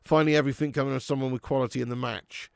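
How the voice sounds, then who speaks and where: A man's voice: medium pitch, steady tone, racing, vocal fry, no room sound. A man hosting a live football watch-along, chatting casually and swearing freely. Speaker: host.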